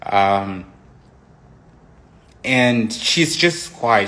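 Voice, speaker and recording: A young man, a guest giving his side of a breakup, casually tells a personal relationship story. He rambles with many restarts and frequent asides, his mid-range voice a bit bright and a little slow.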